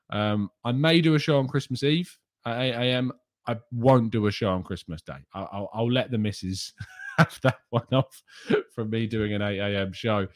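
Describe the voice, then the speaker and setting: Chatty man hosting a livestream. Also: medium pitch. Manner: chatty, reads out viewer names and chat messages. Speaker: podcast host. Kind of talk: casual livestream chat.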